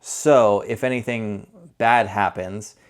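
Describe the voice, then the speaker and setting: A man's voice: lowish voice, fairly even intonation, slow pace. A man giving a casual spoken movie review, conversational and rambling, often correcting himself as he goes. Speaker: film reviewer.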